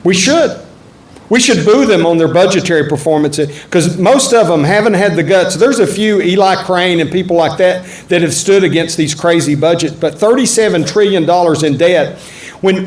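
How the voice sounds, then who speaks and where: A man's voice: sits high, moderate pace. A man, a politician speaking at a town-hall event and taking questions in a blunt, folksy, joking way. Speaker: politician answering audience questions. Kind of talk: campaign town-hall speech and Q&A. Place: event room at a resort. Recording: echoey room with faint ambience.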